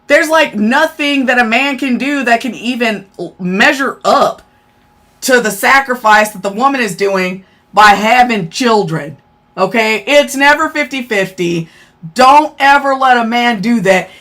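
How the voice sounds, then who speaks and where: A woman's voice: a little high, expressive, a little slow, fairly bright tone. A woman hosting a live stream, talking bluntly and profanely in a casual rant, answering her chat.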